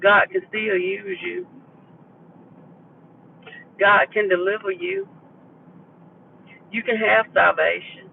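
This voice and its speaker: Low-talking gravelly woman preaching from a car. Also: steady tone, slow pace, pauses often, far from the mic, phone-quality sound, a little hiss or hum. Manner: usually talks low, repeats phrases, calls listeners baby. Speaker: inspirational speaker. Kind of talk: live motivational preaching. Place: riding in a vehicle.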